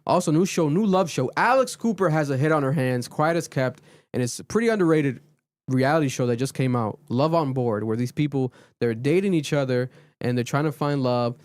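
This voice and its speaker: A man hosting a casual podcast, recapping a reality show in an animated, profane storytelling way. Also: mid-range voice, fairly quick, dry recording, clean studio sound. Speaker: podcast host.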